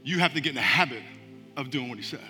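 A man preaching as a pastor, moving between hushed urging and loud rousing calls to the congregation. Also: mid-range voice, lively intonation, quick pace. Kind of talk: sermon with altar call. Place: large church hall. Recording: music behind, long hall reverb.

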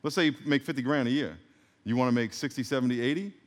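Joking pastor preaching in a reverberant hall. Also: male voice, medium pitch, fast talker. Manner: joking, rambling asides, laughs at himself. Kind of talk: sermon with call-and-response. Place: church sanctuary.

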